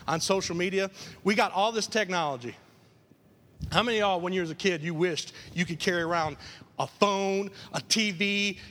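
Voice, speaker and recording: A man preaching a lively sermon as pastor, acting out quoted voices and repeating key lines for emphasis. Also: high-pitched, long reverb tail. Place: church.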